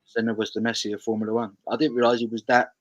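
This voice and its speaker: A man's voice: mid-range voice, level tone, racing, lo-fi sound. A man hosting a casual live chat over beers, chatty and laughing, often stammering through his restarts.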